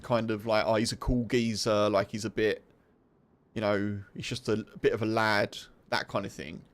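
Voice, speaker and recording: A British man chatting casually with viewers on a game livestream, explaining slang. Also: mid-range voice. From United Kingdom. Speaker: streamer.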